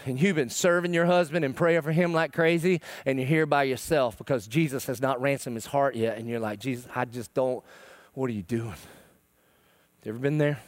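A middle-aged male pastor preaching a sermon, swinging between loud pleading and hushed, emotional tones. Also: medium pitch, fairly even intonation, brisk, hardly any pauses, no echo. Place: church.

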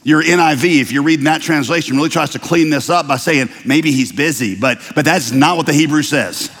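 A man preaching a sermon, telling a story with lively, playful asides. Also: a little high, brisk, big-room sound. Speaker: pastor.

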